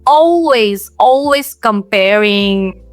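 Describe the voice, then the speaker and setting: A woman's voice: medium pitch, lively intonation, slow, dry recording, soft background music. A young woman from Assam, India, with an Assamese accent, an esports caster talking earnestly in a casual podcast chat. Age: young adult.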